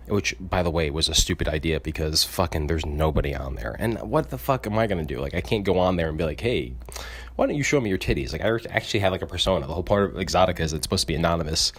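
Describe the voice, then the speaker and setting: A man who co-hosts a podcast, venting in a casual, rambling monologue that is full of swearing and filler words. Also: deep voice. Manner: rambling and profane, heavy use of filler "like". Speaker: podcast co-host.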